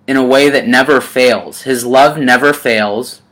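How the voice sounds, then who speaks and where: A preacher delivers his sermon in a gentle, personal way, often addressing listeners as "friend." His medium-pitched voice has a clear, bright edge, and he speaks slowly and drawn out, with many ums and pauses.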